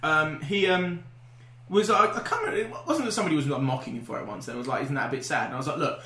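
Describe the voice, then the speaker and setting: A man's voice: on the high side, animated, bright, forceful tone, roomy sound, a little hiss or hum. A man co-hosting a podcast, chatting casually in a rambling way with frequent swearing. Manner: fast, rambling, swears freely. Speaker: podcast co-host. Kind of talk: casual chat.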